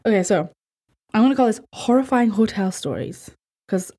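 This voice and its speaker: A Scottish woman hosting a podcast, chatting in a bubbly, rambling, excitable way. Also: mid-range voice, moderate pace. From Scotland. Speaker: podcast host. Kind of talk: casual chat.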